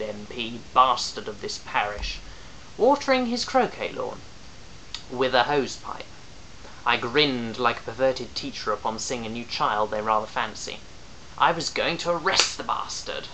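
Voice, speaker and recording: A man reading his own comic story aloud in a deadpan, wry first-person narration. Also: mid-range voice, a little hiss or hum, poor audio. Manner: dry, wry asides, sometimes dropping to a whisper.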